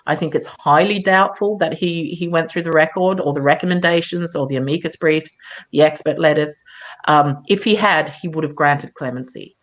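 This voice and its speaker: A woman campaigner in a live online chat, speaking in a measured, emphatic way with frequent fillers. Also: low-pitched, muffled recording. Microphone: video call.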